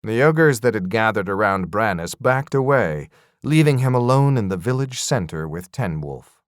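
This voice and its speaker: A man narrating a fantasy audiobook in an expressive storytelling manner. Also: lowish voice, moderate pace, no echo, studio quality.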